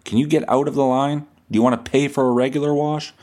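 A man's voice: mid-range voice, fairly even intonation, fast, a little mellow, pitched above the performer's own voice, natural voice. A man voicing a rude, impatient male car wash worker who snaps dismissively. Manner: snapping, dismissive.

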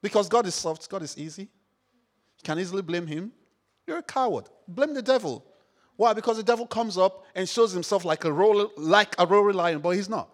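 A man preaching a sermon, repeating phrases, firing questions at the congregation and rising to shouts. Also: high voice, normal speed. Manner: call-and-response, repeats phrases, rises to shouts; rhetorical questions to the audience.

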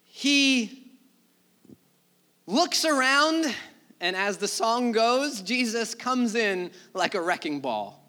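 A pastor preaches in a high, bright, forceful voice, keeping things conversational. He is animated and slow, pausing often and slipping into acted-out asides and vivid retellings.

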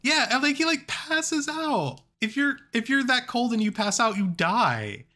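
A podcast co-host chiming in casually. The voice is bright, with a slow, unhurried pace and a lot of rise and fall in pitch. The tone is easygoing and teasing. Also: sing-song.

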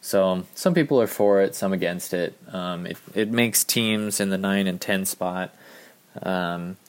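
A man's voice: sits low, measured pace, clean tone. A man hosting a casual sports podcast, talking in a rambling, offhand way with many ums, a little out of breath. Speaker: podcast host.

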